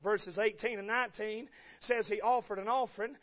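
A male pastor preaching a fervent sermon, swinging between quiet asides and loud shouts, recorded in dull lo-fi sound. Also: sits high, steady tone, moderate pace.

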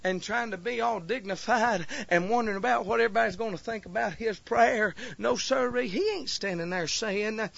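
High-voiced, fiery preacher man. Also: moderate pace, gravelly, few pauses, no echo, dull audio. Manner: builds from low earnest talk to crying shouts, many fillers. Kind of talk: fiery revival sermon.

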